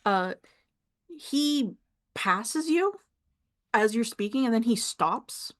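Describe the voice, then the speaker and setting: A young adult woman narrating as game master, describing scenes with pauses and easy laughs. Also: fairly high pitch, expressive.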